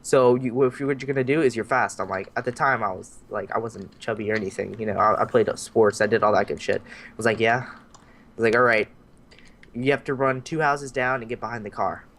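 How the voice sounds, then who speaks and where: Young man telling a story, animated. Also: on the low side, a little fast. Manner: animated, acts out voices in his stories, swears freely. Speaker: podcast host. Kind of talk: casual storytelling.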